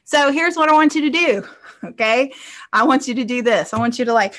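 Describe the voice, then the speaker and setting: A woman life coach teaching a casual online class over a computer mic, chatty and quick to laugh, tagging her points with "okay?". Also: a little high, expressive, fairly bright tone. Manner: chatty, tags nearly every point with "okay?", laughs easily.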